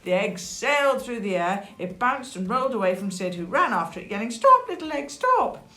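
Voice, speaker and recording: A woman reading a children's picture book aloud, lively, with chatty asides. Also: mid-range voice, a little fast. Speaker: storyteller. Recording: echoey room.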